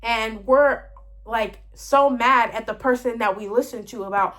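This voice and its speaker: Chatty woman with a fairly high voice. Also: measured pace, fairly bright tone. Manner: chatty, rambling with lots of "like" fillers; exasperated, venting retelling. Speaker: storyteller vlogger. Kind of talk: casual storytime vlog.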